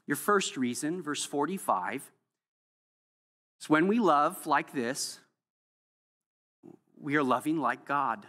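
A pastor delivering a sermon with emphatic delivery that swings from hushed to loud, recorded in a church sanctuary. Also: medium pitch, lively intonation, slow, long pauses. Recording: long hall reverb.

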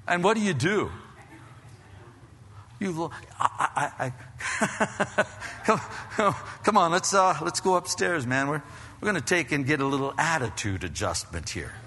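A man's voice: medium pitch, expressive, moderate pace, pauses often, sharp tone, slightly rough, in a large hall. A middle-aged man preaching a sermon in an emphatic, conversational way, often repeating words as he builds a point. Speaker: pastor.

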